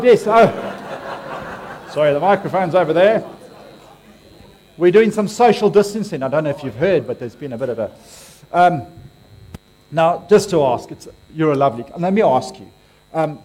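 A man's voice: fairly high pitch, expressive, measured pace, pauses often, darkish tone. A man with an Australian accent giving a playful, interactive sermon, joking with and quizzing his congregation. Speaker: preacher.

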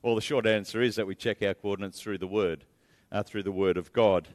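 A man's voice: lowish voice, fairly even intonation, fairly quick. A man preaching a sermon in a church, earnest and repeating key phrases for emphasis. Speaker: pastor.

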